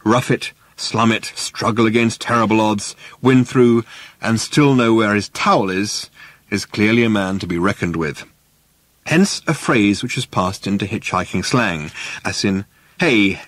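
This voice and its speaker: Male narrator, wry and dry, lively up-and-down reading, very close dry studio sound. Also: lowish voice, no room sound. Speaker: audiobook narrator. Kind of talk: scripted narration.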